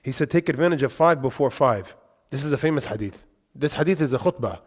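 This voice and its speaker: A man giving a religious lesson in a mosque, telling lively anecdotes with quick asides. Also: medium pitch. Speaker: religious teacher. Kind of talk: storytelling lesson to a congregation. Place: mosque hall. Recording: reverberant mosque hall.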